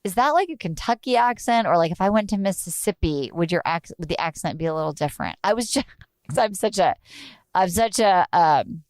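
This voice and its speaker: A woman's voice: fairly low pitch, lively intonation, fairly quick, a little mellow, dry recording, studio quality. A woman hosting a casual interview, chatty and gushing, who says "like" often; she is from the northern United States. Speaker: host.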